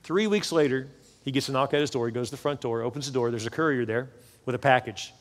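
A man's voice: medium pitch, quick pace. A male pastor preaching fervently to his congregation, often repeating words for emphasis. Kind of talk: sermon. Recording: long hall reverb.

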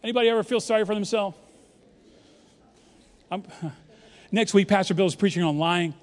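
Brief: man in his fifties from New York, lively joking pastor, higher voice, long church reverb. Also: moderate pace. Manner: animated, joking, leads the crowd in call-and-response. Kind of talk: sermon. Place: large church auditorium.

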